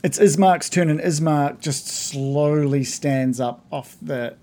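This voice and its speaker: A man narrating as game master of a tabletop game, halting with frequent ums and restarts. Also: on the high side, warm tone. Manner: hesitant, many ums and restarts.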